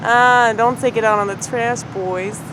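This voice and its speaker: A woman's voice: on the high side, noisy background. A woman vlogger delivering an arrogant, combative rant to camera, swearing freely and laughing at her own remarks. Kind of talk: ranting monologue to camera. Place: near a street with trash pickup passing.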